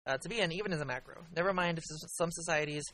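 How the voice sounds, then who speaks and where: A man co-hosting a casual podcast chat, talking in excitable, rambling bursts full of restarts. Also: fairly high pitch, very fast, a crowd in the background, rough recording. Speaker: podcast co-host.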